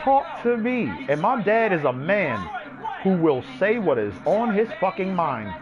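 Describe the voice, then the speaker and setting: Brash cursing man over loud music. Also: sits high, big pitch swings, a little slow, muffled recording. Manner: swaggering, brash, cursing freely. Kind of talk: profane boastful rant.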